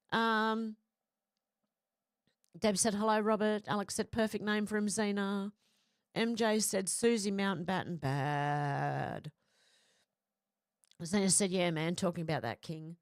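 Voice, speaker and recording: A woman's voice: medium pitch, slow pace, pauses often, no room sound, studio quality. A woman with an Australian accent hosting a casual livestream, reading viewer comments aloud and answering them bluntly with her own opinions. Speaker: livestream host.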